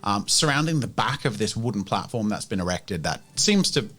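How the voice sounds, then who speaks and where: Lively low-voiced man running a tabletop game. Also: fairly quick. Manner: casual, rambling narration with fillers. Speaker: game master.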